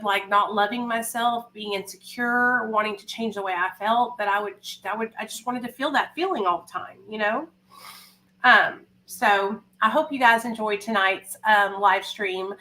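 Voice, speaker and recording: Bright-voiced woman hosting a livestream. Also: medium pitch, poor audio. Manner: emotional, candid, rambling with fillers. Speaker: livestream host. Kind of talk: casual livestream talk.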